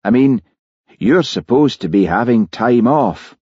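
A man voicing a shrewd, patient police constable who coaxes and presses quietly. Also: medium pitch, lively intonation, a little slow, slightly rough, no echo, muffled recording, voice pushed up. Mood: coaxing.

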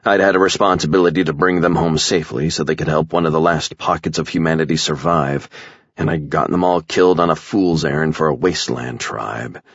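A man with an extremely deep, gravelly voice narrates a story in the first person, with a grim, measured delivery. His tone is husky, and the dry, muffled recording keeps it close. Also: fairly even intonation, dry recording. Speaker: audiobook narrator.

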